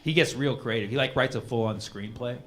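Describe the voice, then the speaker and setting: A man's voice: mid-range voice, a little fast, a crowd in the background. A man doing a stand-up comedy set in a rambling, ironic way, full of "like" and "you know", recorded live on a comedy club stage with audience noise.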